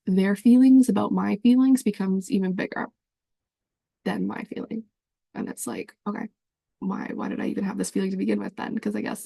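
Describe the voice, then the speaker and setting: Husky, gravelly young woman vlogging candidly. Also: medium pitch, warm tone, no echo, studio quality. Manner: rambling, filler-heavy, frequent swearing. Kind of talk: candid confessional vlog.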